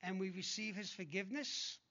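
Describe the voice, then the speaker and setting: A man's voice: sits high, a little fast, sharp tone, muffled recording. A man preaching a sermon in an emphatic, conversational way, with blunt asides between scripture readings.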